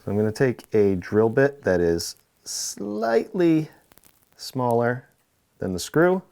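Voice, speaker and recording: A man hosting a casual how-to, talking relaxed while he works with tools and now and then dropping into mutters. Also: medium pitch, slow, vocal fry. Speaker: DIY home renovation host. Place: indoor pantry under renovation.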